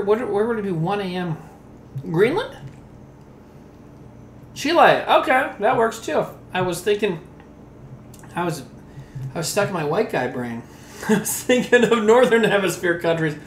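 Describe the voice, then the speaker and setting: A man's voice: sits high, big pitch swings, moderate pace, pauses often, slight background noise. Loose, joking man in a roomy room. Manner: loose, crude jokey banter while eating. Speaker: streamer reading chat. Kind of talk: casual livestream chat.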